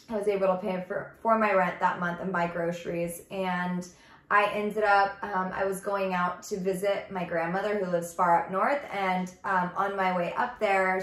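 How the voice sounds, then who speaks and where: This ministry vlogger has a mid-range, fairly bright voice and tells her personal testimony in a relaxed, confiding way. Her talk is earnest and chatty, heavy with "like," and it's recorded in a room with a noticeable echo.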